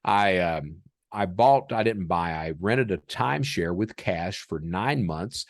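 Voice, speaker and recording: A man telling stories as a podcast guest in a casual, animated way, chuckling as he acts out the dialogue. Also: sits low, slow pace, no room sound, clean studio sound. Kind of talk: casual storytelling.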